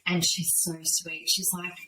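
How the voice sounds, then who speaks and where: Low-voiced chatty woman host. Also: flat delivery, measured pace, bright, forceful tone, low-quality recording. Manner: candid, chatty, full of restarts and "like". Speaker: podcast host. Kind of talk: casual interview chat.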